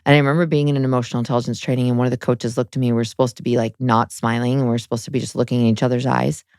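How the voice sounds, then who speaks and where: A woman's voice: very deep voice, level tone, very fast, darkish tone, no room sound, clean studio sound. A woman in her thirties, a guest on an interview show, telling her personal story frankly and emotionally, with many "like" fillers. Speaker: guest, spiritual guide.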